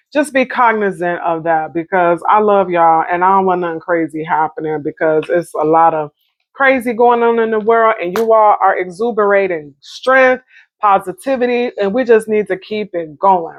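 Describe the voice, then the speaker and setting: A woman's voice: mid-range voice, no room sound, lo-fi sound. A woman giving a casual tarot reading, chatty and addressing her viewers directly with slang. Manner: chatty, warm-hearted, talks straight to viewers with Southern American slang. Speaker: tarot reader.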